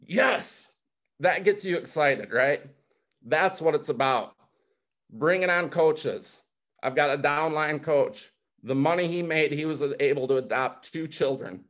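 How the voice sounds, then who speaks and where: A man in his forties speaks over a video call, his voice sitting a touch high. He gives a motivational testimony that is emotional and fired up, getting choked up at times. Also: measured pace, a bit bright. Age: 40s. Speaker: guest speaker.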